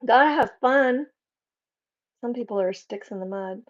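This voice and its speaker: A woman hosting a casual live chat, reading out viewers' comments and joking around with a quick laugh. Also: on the high side. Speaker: livestream host. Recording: slightly dull lo-fi stream audio.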